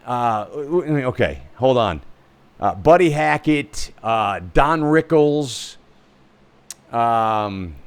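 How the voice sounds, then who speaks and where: A man's voice: mid-range voice, clear, resonant tone. A man hosting his own show, chatting loosely and rambling through news and clips with frequent fillers. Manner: rambling, full of fillers and restarts. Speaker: realtor hosting a commentary stream. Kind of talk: casual rambling commentary.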